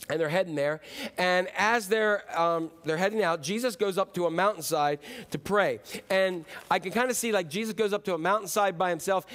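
A man preaching a sermon in a casual, playful way, acting out the story. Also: high voice. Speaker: pastor.

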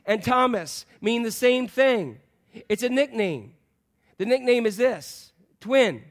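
A man preaching a sermon to a congregation in an animated, joking way, acting out voices of the people in the story. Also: high-pitched, measured pace. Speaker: pastor.

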